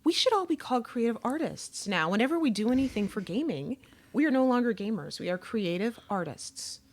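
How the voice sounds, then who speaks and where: A woman's voice: fairly high pitch, big pitch swings, fairly quick. A woman hosting a podcast in casual chat, chatty and laughing often. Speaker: podcast host.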